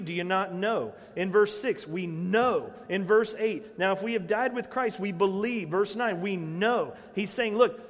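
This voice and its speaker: A man preaching a sermon as pastor, emphatic, sometimes breaking into shouted answers. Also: sits high. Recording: long hall reverb.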